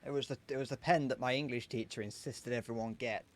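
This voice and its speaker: A man's voice: medium pitch, steady tone, fast talker. A man in his twenties chatting casually to viewers while playing a game live, joking and swearing as he goes. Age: 20s. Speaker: streamer.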